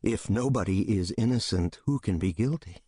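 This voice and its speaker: A man giving scripted literary narration in a measured, steady storytelling delivery. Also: lowish voice, breathy edge, no room sound, clean studio sound. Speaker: audiobook reader.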